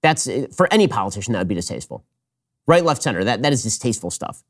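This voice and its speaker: A man's voice: medium pitch, very animated. Sarcastic man doing commentary. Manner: sarcastic, mocking, rapid-fire commentary. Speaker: host. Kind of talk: political commentary.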